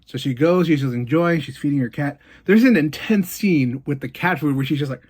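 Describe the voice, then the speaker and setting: Animated man recapping a movie. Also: on the high side. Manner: animated retelling, filler-heavy, quick asides. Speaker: movie reviewer. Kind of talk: casual spoken movie review.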